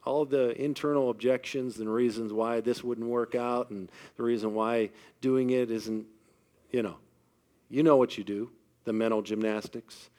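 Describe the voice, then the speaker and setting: Man, middle-aged, pastor, sermon, storytelling, hushed to loud swings, mid pitch. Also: steady tone, normal speed.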